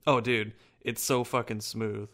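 A man's voice: on the low side, flat delivery, unhurried, a bit bright. A man co-hosting a podcast in loose, profane casual chat, laughing often. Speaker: podcast co-host.

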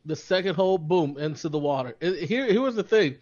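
A man's voice: on the high side, animated, a little fast, a little mellow, highs cut off. A man co-hosting a podcast in casual chat, telling a story with laughs and stammered restarts. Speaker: podcast co-host.

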